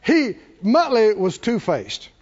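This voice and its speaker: A man preaching a sermon, animated and joking with the congregation. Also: sits high, slow, muffled recording, some chatter behind. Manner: animated preaching, jokes with congregation, does cartoon voices. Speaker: pastor.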